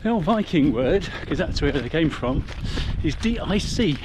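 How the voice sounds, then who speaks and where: A man's voice: a little high, animated, moderate pace. Middle-aged man narrating on a noisy trail. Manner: chatty, explanatory storytelling. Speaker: vlogger. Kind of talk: running commentary while trail running. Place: outdoors on a muddy rural trail. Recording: noisy outdoor recording.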